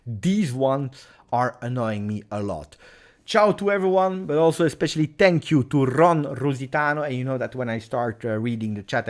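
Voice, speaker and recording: A man's voice: mid-range voice, normal speed. A man hosting a live football reaction stream, agitated and emphatic, repeating his points. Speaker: football channel host.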